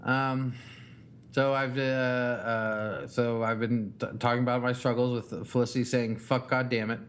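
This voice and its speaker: A man in his thirties co-hosting a casual comedy podcast, telling profane stories about his daughter in an animated way. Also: mid-range voice, measured pace. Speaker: podcast co-host.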